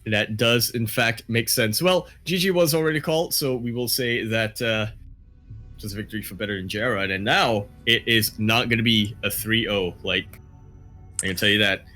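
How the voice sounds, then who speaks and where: A man casting a live video game match, quick, rambling and joking. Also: on the low side, sharp tone, faint music behind. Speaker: esports caster.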